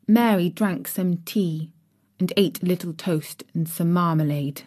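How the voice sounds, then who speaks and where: A woman narrating a classic children's novel in a measured, even storytelling manner. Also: fairly low pitch. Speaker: audiobook reader.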